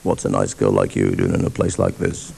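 A man on stage playing a smarmy wine-bar chat-up man with a deep, gravelly, drawling voice in live stand-up comedy. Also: very animated, a little fast, darkish tone, a little hiss or hum, heavily acted. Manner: slick, drawling, fake-suave.

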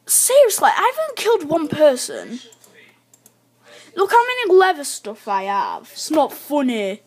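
High-pitched girl talking thru her game, slow easy pace, chatty, bursts of excitement. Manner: chatty, talks to self, excitable outbursts. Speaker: gamer. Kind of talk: live gameplay commentary.

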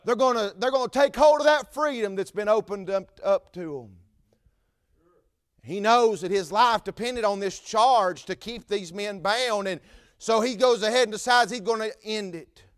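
A man's voice: sits high, unhurried, smooth, no room sound, studio quality. A man preaching a fervent sermon with repetitive phrasing and stammered fillers.

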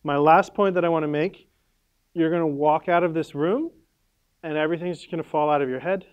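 A man's voice: on the high side, fairly even intonation, fairly quick, smooth, dull audio. A man presenting at a conference workshop, casual and playful, with lots of "like" and "right?" and the odd sound effect.

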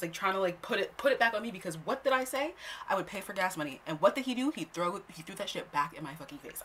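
A young woman telling a story on her own vlog in a casual, animated way, blunt and quick to swear. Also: medium pitch, slight background noise. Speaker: storytime host.

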